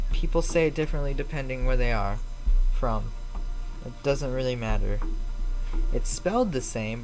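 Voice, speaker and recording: A man with a Chicago accent talks to his live-stream viewers in a loose, rambling way, full of fillers, and gets a little defensive when they push back. His voice sits at an ordinary middle pitch and comes through a streaming mic. Faint music plays underneath. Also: low-quality recording. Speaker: flight-sim live streamer. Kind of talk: casual live-stream chat, answering viewers.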